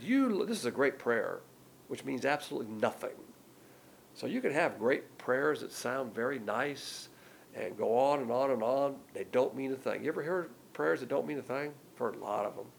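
A man's voice: mid-range voice, vocal fry. A man preaching a verse-by-verse Bible teaching in a blunt, conversational way with emphatic asides.

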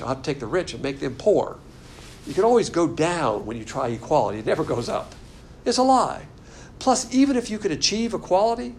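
A man teaching a Bible class in a room, lecturing in a sarcastic, animated and argumentative way. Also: a little high, slight background noise.

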